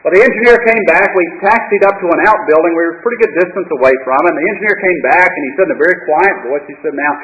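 A pastor with a high-pitched voice delivers his sermon like a storyteller, wry and dramatic, sinking into quiet asides. The sound is dull and lo-fi, like an old church tape. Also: racing, hardly any pauses.

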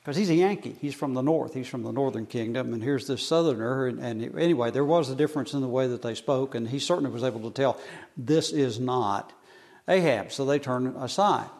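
A man's voice: mid-range voice, quick pace, gravelly, hardly any pauses, a little mellow. A man teaching a Bible passage in a casual, conversational way, with frequent fillers and humorous asides. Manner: conversational, colloquial, hesitant, humorous.

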